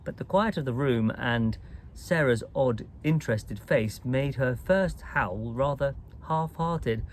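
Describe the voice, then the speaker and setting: A man reading a children's storybook aloud in an expressive, lively way. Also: medium pitch, slow pace, rough recording. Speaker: storybook reader.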